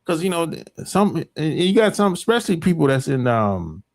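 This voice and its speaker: Gravelly man ranting with a lively pitch. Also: normal speed. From United States. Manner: rambling, emphatic, profane ranting. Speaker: podcast host. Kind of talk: casual opinion monologue.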